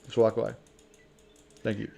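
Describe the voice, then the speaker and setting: Mellow-voiced man rambling over a game. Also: on the low side, monotone, normal speed, creaky. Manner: rambling, joking, swears casually, calls people man. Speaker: streamer playing a video game. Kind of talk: casual let's-play commentary.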